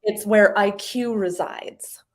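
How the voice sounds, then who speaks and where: A woman talking as a guest, explaining ideas in a casual, animated way and acting out little voices as she goes. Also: mid-range voice, slow. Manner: animated, acts out little voices in her stories. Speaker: guest speaker explaining identity.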